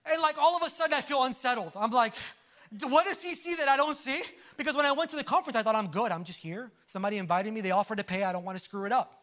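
High-voiced man preaching a lively sermon. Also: rapid-fire, hardly any pauses. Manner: conversational preaching with humorous asides and audience questions. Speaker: pastor.

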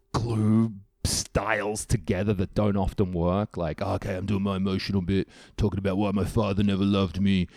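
A comedian talking casually on his own show, animated and swearing freely as he acts out quoted voices. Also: low voice, no room sound, studio quality. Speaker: comedian podcast host. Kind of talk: casual monologue.

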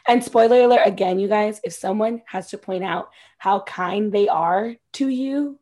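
A woman co-hosting a casual podcast, recapping a reality-TV reunion in a chatty, profane, animated way. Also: mid-range voice, normal speed, hardly any pauses. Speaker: podcast co-host.

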